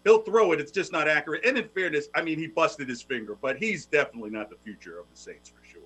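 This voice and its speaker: A man's voice: a little high, animated, fast, a bit bright, breathy edge. A man co-hosting a sports show, talking football with joking, wisecracking banter. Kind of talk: casual sports talk.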